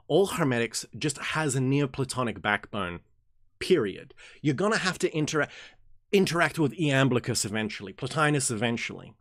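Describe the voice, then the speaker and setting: A young man hosting an occult reading group, reading passages aloud and rambling in jokey, animated tangents. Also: dry recording, clean studio sound. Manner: animated and jokey, swings from excited outbursts to low mumbles. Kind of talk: casual reading and commentary livestream.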